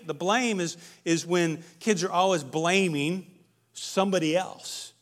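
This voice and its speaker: A middle-aged man with a high voice speaks at a measured pace, giving a preaching-style talk to parents. His delivery is plain-spoken and emphatic, and he often repeats words as he goes.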